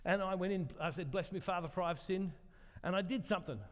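In a large hall, an older man with a high-pitched, fast voice preaches a conversational sermon. He questions the congregation and jokes about himself.

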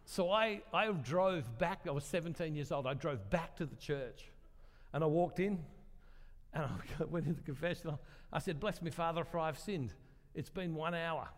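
Older male preacher, slightly high voice, chatty and self-mocking, long hall reverb. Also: normal speed. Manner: conversational, asks the congregation questions, self-deprecating humor. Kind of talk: sermon.

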